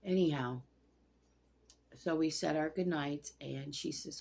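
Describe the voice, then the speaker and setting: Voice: mid-range voice, fairly even intonation, moderate pace, gravelly, a little hiss or hum. A person in their sixties telling a rambling, emotional late-night personal story, swearing often.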